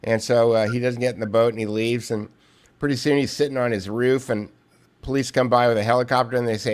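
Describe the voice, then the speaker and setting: A man as a podcast guest, chatting casually and telling a joke in a halting, rambling way full of restarts, heard over a remote call. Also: medium pitch, steady tone. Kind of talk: casual conversation with storytelling.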